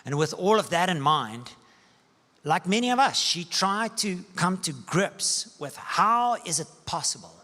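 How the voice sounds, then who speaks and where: A male pastor delivering a sermon in a church hall, his slightly high voice carried by a long reverb. He tells stories with dramatic lifts in pitch and volume, then drops to hushed tones. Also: very animated, a little slow. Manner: storytelling preacher with sweeping rises and soft dips.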